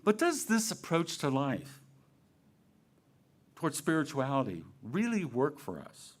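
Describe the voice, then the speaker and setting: A man giving a Sunday talk in a relaxed, conversational way, with playful asides and questions to himself. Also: on the high side, measured pace. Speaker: minister. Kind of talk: sermon.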